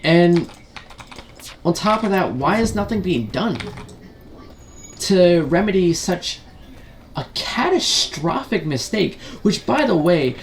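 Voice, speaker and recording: A man's voice: high voice, very animated, slow pace, pauses often, slight background noise. A man ranting as a gaming video commentator, frustrated and profane, full of rhetorical questions and repeated fillers.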